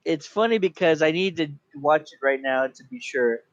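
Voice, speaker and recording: Guy hyped up reviewing a movie with friends, kinda high voice, dry muffled recording. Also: expressive, normal speed, no echo. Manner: enthusiastic, acts out lines in funny voices. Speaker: podcast co-host. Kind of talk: casual movie review chat. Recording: dry dull lo-fi sound.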